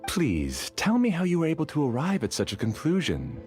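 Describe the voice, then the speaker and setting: An actor playing a courteous, scheming scholar in a game, smooth and quietly sinister. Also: male voice, on the high side, huge pitch swings, fairly quick, soft background music. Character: polite scheming man, scholar hiding secrets. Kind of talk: game character dialogue.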